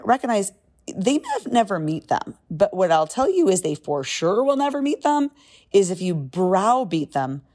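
A middle-aged woman talking casually and emphatically through a book summary, with animated asides. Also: fairly low pitch.

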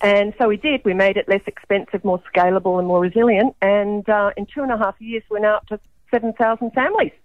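A woman's voice: medium pitch, quick pace, no echo. Australian woman explaining on a dull phone line. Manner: chatty, explanatory, many ums. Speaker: guest, food co-op founder. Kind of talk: radio interview.

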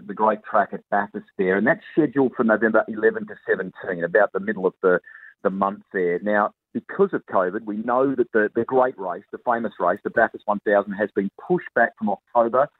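A man's voice: on the low side, breathy edge, no echo. A man giving an upbeat, chatty motorsport report on radio. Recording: tinny phone line.

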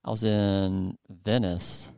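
A man's voice: fairly low pitch, little pitch movement, takes it slowly, creaky, a little mellow, clear, resonant tone, no room sound, studio quality. A male podcast host from the United States chatting casually, rambling with many fillers and restarts. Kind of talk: casual interview chat.

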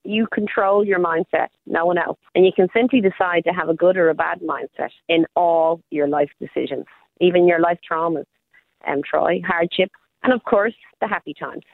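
A woman's voice: fairly low pitch, normal speed, no room sound. A woman life coach talking casually on the radio, upbeat and motivational. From Australia. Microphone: phone call. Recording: phone line.

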